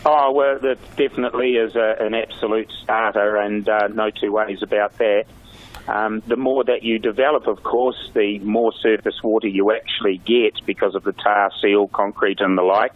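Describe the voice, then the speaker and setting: A middle-aged man, a mayor speaking in a radio interview over the phone, halting with many fillers and restarts. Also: lowish voice, fairly even intonation. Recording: tinny phone line.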